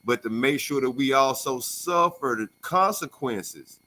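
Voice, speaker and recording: Man, radio co-host, casual talk, animated storyteller, bright tone. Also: mid-range voice, a little slow. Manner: animated storyteller, acts out voices. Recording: call-in radio show studio.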